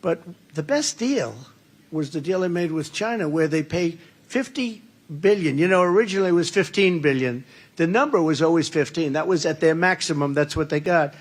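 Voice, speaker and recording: A man's voice: a little high, moderate pace. An older man giving a campaign rally speech, rambling and boastful, often repeating his phrases. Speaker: political speaker at a rally. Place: large indoor rally room.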